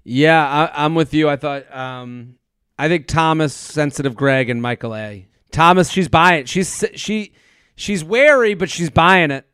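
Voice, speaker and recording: A man with a smooth, resonant voice chats on a podcast, quick to restart his sentences and slip into impressions. The sound is close and dry, with no room around it. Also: fairly high pitch, dry recording. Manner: animated, stumbling restarts, mimics people in quick asides. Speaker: podcast co-host. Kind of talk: casual chat.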